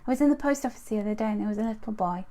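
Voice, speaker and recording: A middle-aged woman giving a chatty live angel card reading, greeting viewers by name with animated asides. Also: mid-range voice, rapid-fire.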